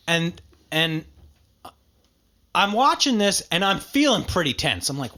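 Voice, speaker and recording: A man co-hosting a podcast, telling a story with lots of swearing and big swings in pitch. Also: unhurried, long pauses. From rural area. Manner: animated storyteller, swears freely, jumpy pitch. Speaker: podcast co-host. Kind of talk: casual podcast chat.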